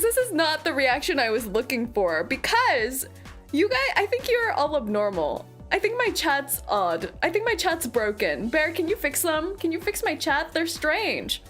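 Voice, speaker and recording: A woman streamer chats with her audience in a high, bouncing voice, stretching out her words at an easy pace. She plays up mock outrage and dramatics, laughing often. Faint music sits underneath her. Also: sing-song, unhurried, a bit bright. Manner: playful, theatrical, with frequent laughs and mock outrage. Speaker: VTuber streamer. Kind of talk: casual livestream chat.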